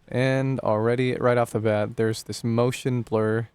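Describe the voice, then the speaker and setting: A man's voice: mid-range voice, flat delivery, a little slow, darkish tone, clean tone, dry recording. A young man casually commenting on a horror game as he streams it live, joking and thinking aloud. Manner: chatty, jokey, thinking aloud.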